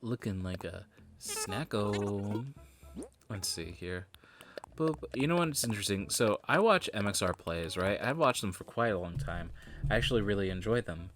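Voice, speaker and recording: Low-voiced man chatting while gaming. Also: expressive, a little fast. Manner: rambling, profane, loose and joking. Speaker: streamer. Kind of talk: casual gaming stream chat. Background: game music.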